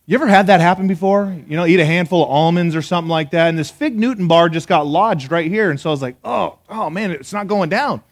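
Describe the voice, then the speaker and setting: A pastor preaching a sermon to a live congregation, an animated storyteller who talks straight to his listeners with questions and laughs at his own jokes. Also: on the high side, quick pace, hardly any pauses. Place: church service before a live congregation.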